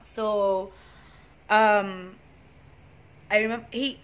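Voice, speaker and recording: A woman's voice: mid-range voice, fairly even intonation, very slow, muffled recording. A young woman vlogger telling a personal story in a casual, emotional way, with many restarts and sudden bursts of feeling. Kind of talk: storytime vlog.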